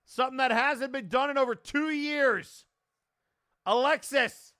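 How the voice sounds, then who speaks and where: A man doing play-by-play wrestling commentary, getting worked up and yelling at the referee. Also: very high voice, measured pace, clear, resonant tone. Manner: excitable, yelling at big moments, complains at the referee.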